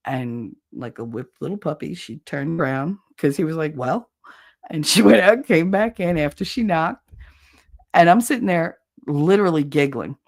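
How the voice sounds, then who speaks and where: A woman's voice: deep voice, animated, normal speed, gravelly. A woman hosting a livestream, telling stories in a blunt, profane, laughing way. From Hoboken, New Jersey. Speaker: livestream host. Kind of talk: casual storytelling chat.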